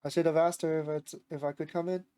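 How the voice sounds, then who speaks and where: Guy streaming a spooky visual novel, reads it out, keeps getting nervous and talking to himself, voice a bit high. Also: level tone, fast talker, warm tone, smooth, low-quality recording. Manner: jittery, nervous asides, talks to himself while reading. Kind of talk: reading a horror game aloud with commentary.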